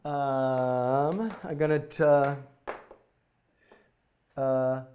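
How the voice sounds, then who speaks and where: A man hosting a live-stream coding tutorial, talking in an excitable, rambling way full of fillers and restarts. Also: medium pitch, very slow, a little hiss or hum. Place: indoor studio.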